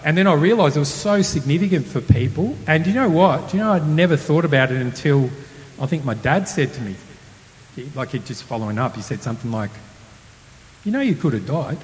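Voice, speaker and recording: A man telling a personal testimony in a casual, animated storytelling way, acting out quoted voices. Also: on the high side, fairly quick. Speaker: testimony speaker. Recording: roomy hall with faint hiss.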